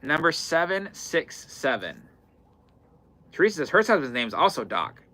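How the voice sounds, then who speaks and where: A man's voice: fairly high pitch, big pitch swings, moderate pace, bright, forceful tone. A man hosting a live-stream fabric sale, chatting casually and repeating item numbers as he goes. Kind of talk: live-stream sales chat. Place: indoor fabric shop in the far north.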